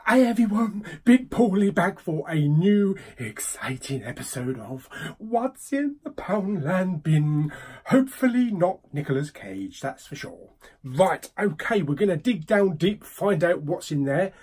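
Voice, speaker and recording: A man's voice: sits high, unhurried, slightly rough. A British man hosting a casual unboxing vlog, joking and grumbling in mock exasperation at what he pulls out. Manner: expressive, mock-exasperated, jokey asides. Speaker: vlogger reviewing bargain-bin films.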